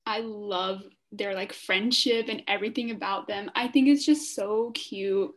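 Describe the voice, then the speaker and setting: A woman's voice: mid-range voice, steady tone, measured pace, a bit bright. A young woman co-hosting a podcast, gushing with enthusiasm in casual fan chat. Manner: enthusiastic, gushing, heavy use of "like". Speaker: podcast co-host.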